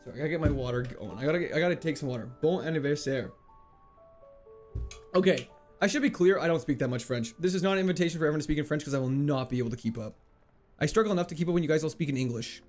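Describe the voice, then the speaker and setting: A man's voice: a little high, expressive, faint music behind. A young man streaming a game, casually reading and answering chat in a playful, joking way. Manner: playful, chatty, quick laughs, jokey mock French.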